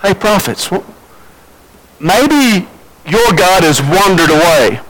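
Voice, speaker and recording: A man's voice: high-pitched, very animated, slow, fairly bright tone, exaggerated voice, low-quality recording. A man voicing the prophet Elijah in a sermon retelling, speaking in a plain, preacherly way. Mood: mocking. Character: the prophet Elijah, pleading then mocking.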